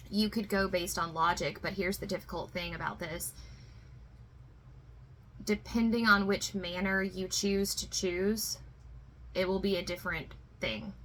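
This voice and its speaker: A woman's voice: lowish voice, pushed and bright, slight background noise, rough recording. A woman giving a spiritual tarot reading to viewers, emotional and reassuring, often fighting back tears, with many fillers. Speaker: tarot reader.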